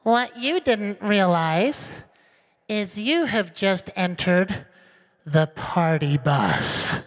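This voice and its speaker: A man voicing a brassy, cheerful woman shuttle driver who drawls loudly and whoops. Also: sits high, expressive, very slow, full character voice. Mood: cheery drawl. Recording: long hall reverb.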